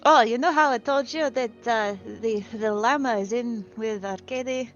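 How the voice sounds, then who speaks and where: A woman, voicing her character in a tabletop game with an animated, sweary manner. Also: a little high, normal speed. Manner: sweary, animated, laughs often. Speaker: player. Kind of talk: in-character tabletop role-play. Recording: dull lo-fi stream audio with faint music.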